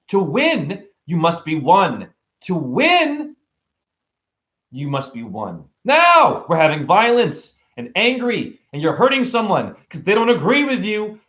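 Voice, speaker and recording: A man giving a rambling spiritual monologue to camera, animated and preachy, joking, exclaiming and swearing casually. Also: sits high. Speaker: spiritual vlogger.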